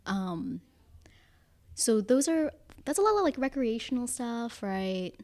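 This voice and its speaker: Young woman host asking gentle questions. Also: fairly high pitch, lively intonation, takes it slowly. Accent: Californian. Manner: hesitant questioning, frequent affirming murmurs. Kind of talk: casual chat.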